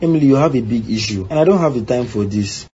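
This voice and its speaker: A man's voice: mid-range voice, lively intonation, fast talker, dark tone, lo-fi sound, lightly acted. A man as a curt, dismissive husband. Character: defensive husband, King.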